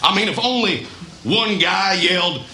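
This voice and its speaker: A man's voice: high-pitched, animated, normal speed, sharp tone, heavily acted. A man playing a scheming male senator who rallies his colleagues in a comedy sketch, conspiratorial and giggly. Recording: sketch replayed in an echoey, noisy room.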